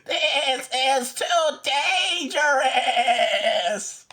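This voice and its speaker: A woman voicing a timid, stubborn female sheep in a storybook, loud and drawn out. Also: a little high, animated, very slow, full character voice. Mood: scared.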